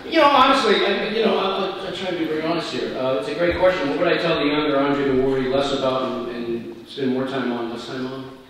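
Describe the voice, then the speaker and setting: A man's voice: fairly high pitch, fast, fairly bright tone, a little hiss or hum. A man, an author taking audience questions after a reading, talking candidly and chatting with a frequent laugh. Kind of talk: casual talk after a reading. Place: festival hall. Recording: echoey hall from far off.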